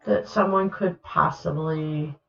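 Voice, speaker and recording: A woman's voice: deep voice, steady tone, slow pace, creaky. A woman running a tabletop game as game master, narrating unhurriedly with many fillers over an online call. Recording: roomy and dull, lo-fi.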